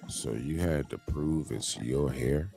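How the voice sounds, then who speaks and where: A man's voice: rumbling low, slow pace, vocal fry, warm tone, faint music behind. A man hosting a casual podcast chat, laid-back and hesitant, asking probing questions.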